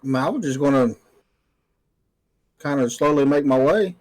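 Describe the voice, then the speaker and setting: A man's voice: medium pitch, moderate pace, darkish tone. A man playing a tabletop game in a laid-back way. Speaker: player. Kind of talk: casual tabletop play.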